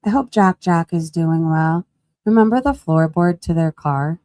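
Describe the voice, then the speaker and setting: A woman with a lowish voice talks casually through a live gossip stream, laughing and putting questions to her chat. The sound is dry and close, with no room around it. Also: measured pace, darkish tone, no echo. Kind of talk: casual commentary while scrolling.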